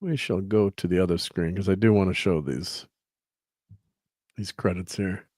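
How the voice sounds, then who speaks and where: Stream host, male, low voice, dry close sound, loose rambling delivery full of fillers. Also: fairly even intonation, moderate pace, a little mellow, no room sound. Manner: rambling, chuckling, filler-heavy while fiddling with slides. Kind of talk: casual chat on a livestream.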